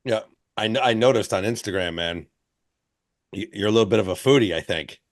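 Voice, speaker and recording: A man's voice: on the low side, a little fast, no room sound. A man hosting a podcast, chatting casually with a laid-back manner. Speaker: podcast host.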